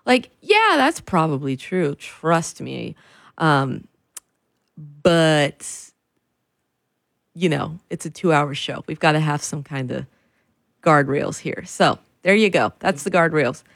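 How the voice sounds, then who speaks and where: Radio host, woman, lowish pitch, dry studio sound, chatty and loose. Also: takes it slowly, vocal fry, long pauses, no room sound. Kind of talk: casual radio chat.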